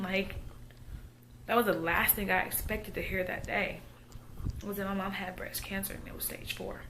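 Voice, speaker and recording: A woman in her thirties with a Southern accent, talking quietly and haltingly in a personal vlog. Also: medium pitch, flat delivery, background noise. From Texas. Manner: quiet, halting, often trailing off. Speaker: vlogger.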